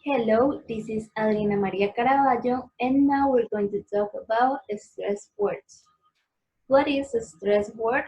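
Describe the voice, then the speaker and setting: Young woman, Colombian accent, native Spanish, slightly high voice, slow pace, careful, pauses with um. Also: mellow, rough recording. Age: young adult. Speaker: student presenter. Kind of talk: recorded class presentation.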